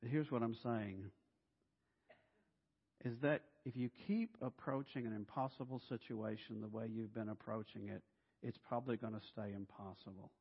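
A middle-aged man, a pastor, preaching a sermon in an animated, humorous way and acting out voices. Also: lowish voice, normal speed, gravelly, slightly rough. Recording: dull sound in a reverberant hall.

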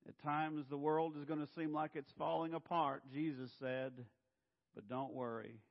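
A male pastor delivers an animated sermon in a fairly high voice. He speeds up and then slows right down to stress his points. Long reverb from the church hall surrounds him, and the sound is muffled and lo-fi. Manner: animated, pushes pace then slows for emphasis. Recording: dull, echoey hall.

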